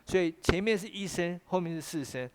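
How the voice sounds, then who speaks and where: A man with a Taiwanese accent teaches English pronunciation in an online class, often repeating himself and slipping into Mandarin. His voice is high-pitched and brisk, with a long reverb tail and a noisy background.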